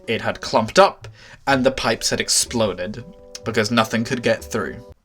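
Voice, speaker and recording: A young man telling a storytime anecdote, exasperated and swearing, with animated outbursts. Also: lowish voice, measured pace, breathy edge, soft background music. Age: young adult. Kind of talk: storytime vlog.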